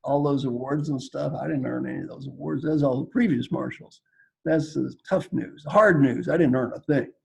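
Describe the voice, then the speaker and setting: A man's voice: medium pitch, normal speed, creaky, darkish tone, breathy edge, poor audio. An older man from Kentucky, a coaching speaker on a panel, telling stories in a folksy, joking way and repeating phrases for emphasis. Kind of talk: casual storytelling on a video call panel.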